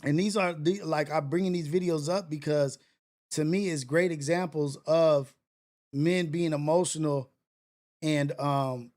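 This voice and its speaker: A male show host talks passionately and preachily about clips he is playing. He hammers his points with repetition. His voice sits fairly high. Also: steady tone, measured pace, a little mellow. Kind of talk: reacting to clips on a talk show.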